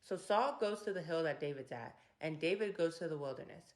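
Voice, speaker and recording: Woman, fairly low voice, casual bible study host, slangy retelling, animated asides. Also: a little fast. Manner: animated, opinionated asides to the listener; conversational slang, retelling scripture in her own words. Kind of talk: casual Bible chapter breakdown.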